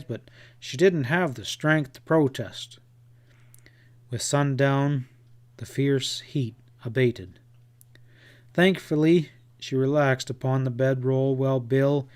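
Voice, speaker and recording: A man narrating a western novel as an audiobook in a measured, unhurried storytelling manner. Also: mid-range voice, a little mellow.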